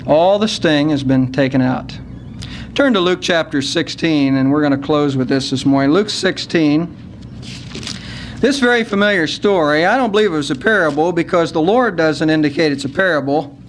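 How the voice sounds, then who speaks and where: A man preaching a sermon at a church service, earnest and unhurried, slowing down to stress key words. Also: fairly high pitch, lively intonation, slight background noise. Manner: earnest, slows down to stress scripture.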